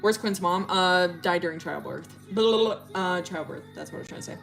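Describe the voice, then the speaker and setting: A woman's voice: lowish voice, fairly quick, creaky, soft background music. A woman livestreamer casually retelling a story, rambling with lots of fillers and swearing. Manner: rambling, full of fillers and profanity.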